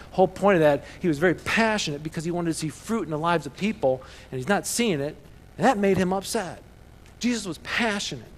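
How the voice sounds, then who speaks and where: A man preaching a sermon as a pastor, telling stories with bursts of loud excitement. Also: fairly high pitch, in a large hall, slight background noise.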